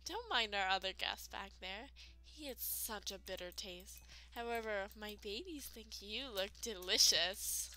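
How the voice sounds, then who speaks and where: A woman reading the lines of a gloating female spider queen boss in a video game, slow and relishing. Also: medium pitch, lively intonation, sharp tone.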